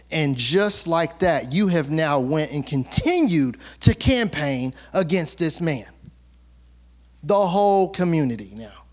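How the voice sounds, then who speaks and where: Preaching in a high-pitched voice, this male pastor reads scripture aloud before adding humorous commentary. His asides are animated and colloquial, playing out the characters in the story.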